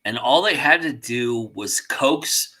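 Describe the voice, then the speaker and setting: A male livestream host talks slowly in a bright, clear voice. He thinks out loud, circling back and rephrasing as he builds his point. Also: medium pitch, expressive, low-quality recording. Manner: reflective, works through his point aloud. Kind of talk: casual chat on a live stream.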